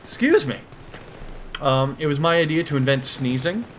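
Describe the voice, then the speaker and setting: A man giving a deadpan, absurd comedic monologue, swearing and rambling as he comments over a game. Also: a little high, brisk, slight background noise. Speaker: gaming commentator. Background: faint gunfire from a shooter game.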